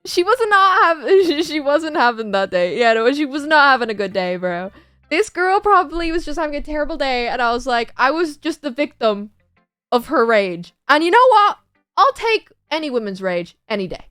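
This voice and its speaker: Young irish woman, streamer, high voice, lively storytelling, dry close sound. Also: moderate pace, no room sound, soft background music. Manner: animated, laughing, acts out the people in her story. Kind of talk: casual storytelling chat.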